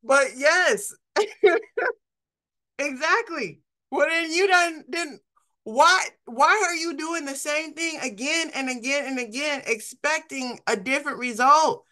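A woman's voice: high-pitched, takes it slowly, sharp tone. A middle-aged woman giving an informal, conversational sermon, often laughing and acting out the people she quotes. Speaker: preacher.

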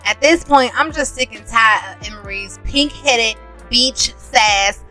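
A woman narrating a life-sim game, sassy and dramatic, with lots of slang. Her voice sounds bright and forceful. She talks to her viewers as if they were friends. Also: a little high, a little slow, soft background music. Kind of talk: casual gameplay commentary.

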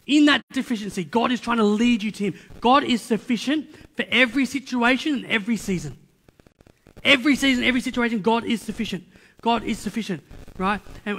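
A man preaching a sermon as pastor, energetic, with playful asides and repeated rhetorical questions. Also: sits high. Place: church hall. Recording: reverberant church hall.

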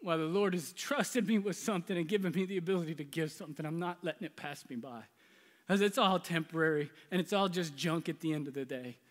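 A man's voice: fairly high pitch, fast. A middle-aged man preaching a storytelling sermon, humorous and self-deprecating, often laughing at himself. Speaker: pastor. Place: large church sanctuary. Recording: reverberant church hall.

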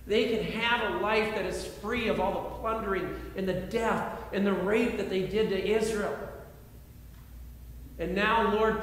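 A man pastor preaching a sermon in an earnest way, repeating phrases and shifting between loud appeals and quiet reflection, in a large church sanctuary. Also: high voice. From United States. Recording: echoey hall, faint background noise.

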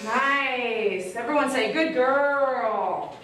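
A woman's voice: high voice, extremely slow, fairly bright tone, distant mic. Soothing woman groomer in an echoey room. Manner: soothing, coaxing talk to a dog, chatty asides to viewers. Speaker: dog groomer. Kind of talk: livestreamed grooming with running commentary. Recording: echoey room, voice a bit off-mic.

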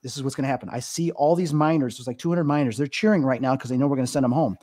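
Very fast and warm, the medium-pitched voice belongs to a man in his fifties who is a psychic medium guesting on a podcast interview. He shares stories with earnest emotion and a good deal of filler words.

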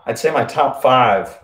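A man's voice: medium pitch, a bit bright. A man running a live-streamed PE class, upbeat, calling out nicknames and counting exercise reps, short of breath from working out. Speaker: PE coach.

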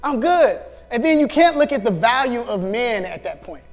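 Male youth pastor, high voice, lively storytelling sermon, reverberant hall. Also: brisk. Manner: animated, acts out voices, laughs often.

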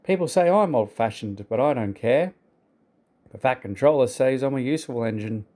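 A man's voice: a little high, lively intonation, moderate pace, mellow, voice pushed up. A man voicing a kind, eager old male steam engine who fusses and gets indignant. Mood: earnest. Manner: earnest, fussing, indignant.

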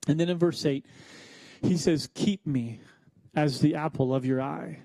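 A young man preaching a church sermon, talking conversationally with joking asides and slowing down for emphasis. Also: fairly high pitch, dark tone, dry recording. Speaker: pastor.

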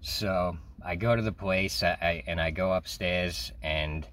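Low-voiced New man telling a story. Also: unhurried, a bit bright. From New York. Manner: profane, rambling, laughs often. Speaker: vlogger. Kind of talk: casual storytelling.

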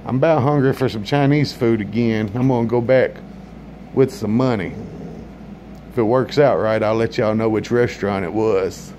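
A man's voice: on the low side, normal speed, darkish tone, slight background noise. A man telling a comic story in a laid-back drawl, talking straight to his listeners. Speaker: comedian.

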